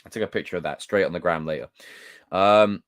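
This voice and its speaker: A man hosting a livestream, reading viewer comments aloud in a loose, excitable, joking way with some swearing. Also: low-pitched, a little fast. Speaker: livestream host.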